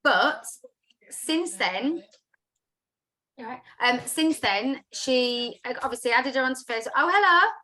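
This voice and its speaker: Bright, chatty woman host. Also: on the high side, a little slow, pauses often. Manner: chatty, upbeat, lots of "like" fillers. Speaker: host of a business chat. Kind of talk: casual live video chat.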